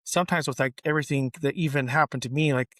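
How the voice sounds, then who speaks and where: Man, podcast host, supportive, laughs easily, halting restarts, middle pitch, dry sound. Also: fairly even intonation, fairly bright tone, no room sound. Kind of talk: casual conversational interview.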